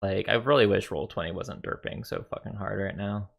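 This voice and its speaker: A man's voice: on the low side, a little fast, vocal fry, a bit bright. Rambling man running a tabletop game. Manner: rambling, filler-heavy, casual narration. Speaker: game master. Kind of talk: narrating a tabletop game over voice chat.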